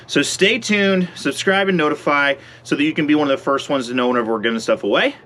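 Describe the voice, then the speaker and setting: A man's voice: on the high side, quick pace, a bit bright, slight background noise. A man hosting his ranch vlog outdoors in the cold, a bit out of breath and talking in an easygoing, rambling way. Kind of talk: casual vlog talk to camera. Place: outdoors at a sheep pen in the cold.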